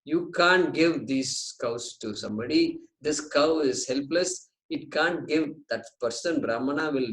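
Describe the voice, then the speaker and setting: A man's voice: on the high side, measured pace, few pauses, a bit bright. A man voicing a boy sage who pleads earnestly with his father, in a raised voice. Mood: pleading.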